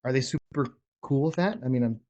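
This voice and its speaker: A man's voice: medium pitch, expressive, brisk, a little mellow, muffled recording. A man coaching sales negotiation in a casual teaching talk, blunt and emphatic, often restarting his words. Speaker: real estate wholesaling coach.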